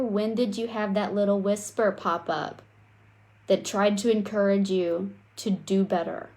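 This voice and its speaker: A young adult woman giving a live coaching talk on self-worth, speaking straight to her viewers in a lively, conversational way. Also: medium pitch, moderate pace. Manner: animated, conversational, addresses viewers directly.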